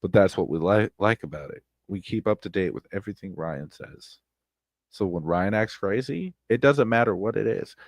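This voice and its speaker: A man with a very deep voice rants about online drama on his stream, swearing freely and circling back over his points. His voice sits close and dry on the mic, with no room around it. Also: normal speed, creaky, no room sound. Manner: blunt, swears freely, repeats himself, loud outbursts. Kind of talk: casual profane commentary stream. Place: home streaming setup.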